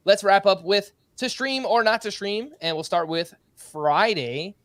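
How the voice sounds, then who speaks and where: Brisk man hosting a sports podcast. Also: sits high, a bit bright, no room sound. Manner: brisk, laughs often, reads through stat updates. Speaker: podcast host. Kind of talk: casual sports podcast chat.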